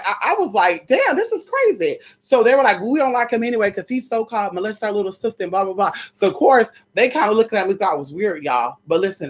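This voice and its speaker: A young adult woman telling a personal story to her viewers in a sassy, animated way, often calling them "girl" and "y'all". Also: on the low side. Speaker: storyteller vlogger.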